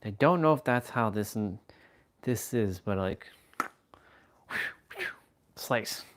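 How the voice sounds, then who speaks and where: A man's voice: fairly low pitch, expressive, takes it slowly, a little hiss or hum. Rambling man chatting on a livestream. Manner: rambling, playful, chatting with viewers. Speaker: livestream host. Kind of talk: casual live-stream chat.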